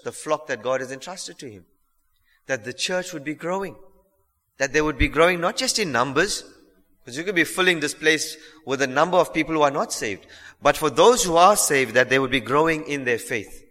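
A man's voice: on the high side, sharp tone. A man preaching a sermon in a church, earnest and emphatic, asking the congregation rhetorical questions. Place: church hall. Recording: long hall reverb.

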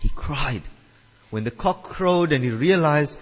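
A man's voice: a little high, lively intonation, moderate pace. A man preaching a sermon, emphatic, repeating his phrases and putting questions to the listeners. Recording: dull reverberant hall sound.

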